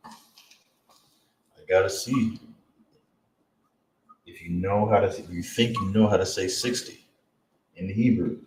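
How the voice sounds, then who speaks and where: A man teaching a live-streamed lesson, drilling pronunciation slowly and checking in with viewers as he goes. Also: sits low, steady tone, darkish tone, reverberant, far from the mic, a little hiss or hum, low-quality recording. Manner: slow, drawn-out pronunciation drills with repeated check-ins.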